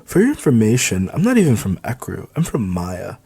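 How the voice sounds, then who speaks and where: A man voicing a sharp-tongued nineteen-year-old foreign woman in an audiobook. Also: fairly low pitch, wildly swooping pitch, a little fast, creaky, husky, exaggerated voice. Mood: indignant. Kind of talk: audiobook dialogue.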